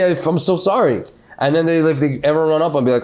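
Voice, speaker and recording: A man co-hosting a podcast, telling crude, animated stories in casual comedic chat and swearing freely. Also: mid-range voice, quick pace. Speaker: podcast co-host.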